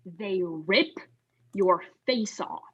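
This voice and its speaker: A woman's voice: medium pitch, animated, very slow, dull audio, a little hiss or hum. A young woman playing an earnest, dramatic fearmonger. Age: young adult. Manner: earnest, dramatic, overly formal. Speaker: actor in a student comedy sketch. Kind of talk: stage comedy dialogue.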